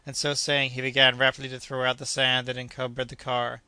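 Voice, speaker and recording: A man narrating an adventure audiobook in a measured, steady reading. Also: medium pitch, smooth, no echo.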